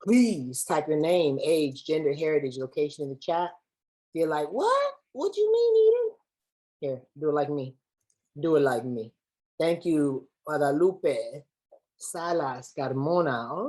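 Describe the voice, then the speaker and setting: On a low-quality recording, this woman speaks in a low-pitched, dark voice at a measured pace. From Los Angeles, she runs an online workshop by video call with lively, playful energy and plenty of slangy chatter.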